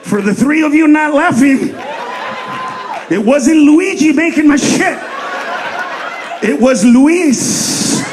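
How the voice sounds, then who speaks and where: A man doing stand-up comedy on stage into a handheld mic, loud, profane and punchy. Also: extremely high pitch, lively intonation, slow pace, long pauses, a crowd in the background, noisy background.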